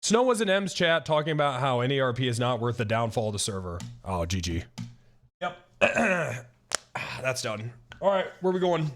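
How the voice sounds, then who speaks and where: A man's voice: medium pitch, normal speed, background noise. A young man streaming casual reaction commentary, ranting and swearing with many restarts. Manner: animated, profane, ranting with frequent restarts.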